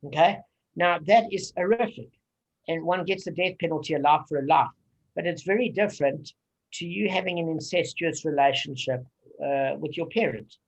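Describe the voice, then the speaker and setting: A man leads a casual study group, explaining texts at length and drifting into personal anecdotes. His voice is husky and his talk is full of fillers. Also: on the high side, normal speed, poor audio. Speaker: Talmud study leader.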